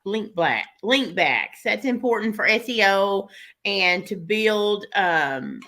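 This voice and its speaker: A woman's voice: mid-range voice, expressive, slow pace, pushed and bright. A middle-aged woman with a country-sounding American accent, a food blogger chatting casually as a guest, rambling and laughing often. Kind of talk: casual interview chat.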